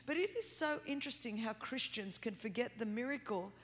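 Fast-talking Australian woman preaching. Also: a little high. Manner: fast, energetic, continuous delivery. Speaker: guest preacher. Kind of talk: sermon. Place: large church auditorium. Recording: long hall reverb.

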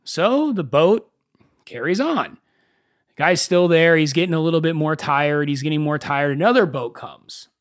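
Animated young man hosting his podcast. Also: on the high side, moderate pace, no echo, studio quality. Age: young adult. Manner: animated storyteller, swears freely. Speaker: podcast host. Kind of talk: casual solo podcast monologue.

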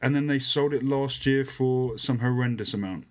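A man hosting a casual fitness podcast, chatty and quick to laugh, often restarting his sentences. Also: medium pitch. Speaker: podcast host.

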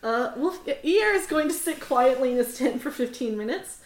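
A woman's voice: high-pitched, expressive, moderate pace, echoey room. A woman running a tabletop role-playing game, playing a frazzled, flustered leader who swears a lot. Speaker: game master. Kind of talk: tabletop role-play narration and character voice.

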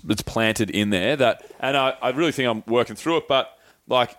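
A man's voice: mid-range voice, normal speed, a bit bright, no room sound. An Australian man telling a candid personal story in a rambling, swear-heavy podcast chat. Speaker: podcast co-host.

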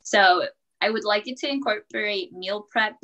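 Bright-voiced upbeat young woman chatting. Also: medium pitch, moderate pace, highs cut off. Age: 20s. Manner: upbeat, chatty, laughs often, many fillers like "like" and "um". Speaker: podcast guest, college student and personal trainer. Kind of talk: casual interview chat.

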